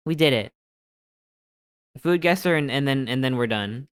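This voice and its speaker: A streamer giving excitable live gameplay commentary, thinking aloud while guessing and swearing often. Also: mid-range voice, normal speed, pauses often, smooth, no room sound, clean studio sound.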